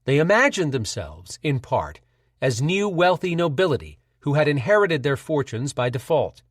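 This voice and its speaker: A man narrating an audiobook in a measured, steady storytelling voice. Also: a little high, slightly rough, no echo, clean studio sound.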